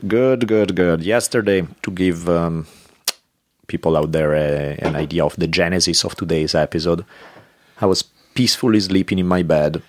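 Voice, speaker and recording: Man, podcast guest, very low voice, dry close sound, animated storyteller. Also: moderate pace, no echo. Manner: animated storyteller who acts out quoted voices. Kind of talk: casual chat.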